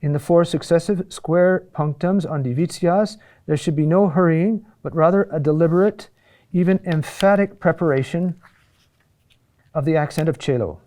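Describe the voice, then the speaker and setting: A man teaches a chant lesson in a mellow, fairly high voice. He explains in short, halting phrases full of fillers and tossed-off asides, and now and then sings a phrase slowly.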